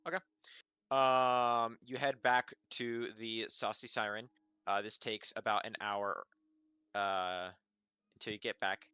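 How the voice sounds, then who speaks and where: A man's voice: fairly low pitch, little pitch movement, slow pace, pushed and bright, clear, resonant tone, dry recording. Hesitant man narrating a tabletop game. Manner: hesitant, many fillers. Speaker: dungeon master.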